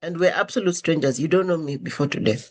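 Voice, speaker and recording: A woman's voice: low voice, fast talker. A woman hosting a podcast, telling stories in a conversational way and acting out the quoted dialogue with changing intonation. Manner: animated, acts out quoted dialogue with shifting intonation. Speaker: podcast host. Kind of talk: conversational storytelling monologue.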